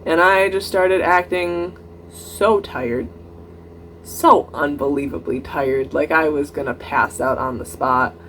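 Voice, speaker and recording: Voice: medium pitch, slow, fairly bright tone, slight background noise, low-quality recording. A young adult vlogger telling a personal story in a casual, chatty way, full of "like" fillers and laughing now and then. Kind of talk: casual story-time monologue.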